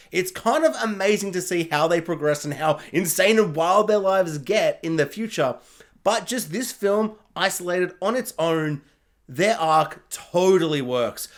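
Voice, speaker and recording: A high-voiced young man gushes his way through a casual film review, rambling from point to point. He laughs often and mimics sound effects as he goes. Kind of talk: casual video review monologue.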